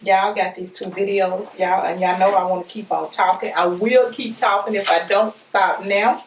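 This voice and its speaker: A woman chatting casually through an unboxing, gushing and excitable as she talks straight to her viewers. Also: medium pitch, normal speed, slight background noise. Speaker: unboxing vlogger. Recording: roomy echo, mic at a distance.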